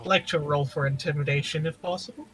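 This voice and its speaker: A man playing a tabletop game, speaking hesitantly and softly as he declares actions. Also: fairly high pitch, fairly even intonation, fast talker, slightly rough, faint music behind, poor audio. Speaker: player. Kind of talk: casual tabletop game chat.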